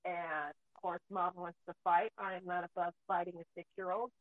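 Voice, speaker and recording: A woman's voice: fairly low pitch, flat delivery, normal speed, no echo. Chatty woman on a tinny line. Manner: chatty storyteller, swears freely. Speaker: podcast host and mother. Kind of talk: casual chat. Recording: tinny phone-like dry sound.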